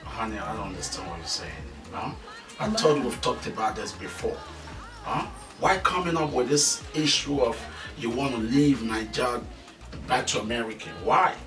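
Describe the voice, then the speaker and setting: A man's voice: medium pitch, expressive, moderate pace, close to an everyday voice. A man playing a blustering Nigerian husband. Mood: pleading. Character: Nigerian husband defending his mother. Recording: far-off echoey room with music.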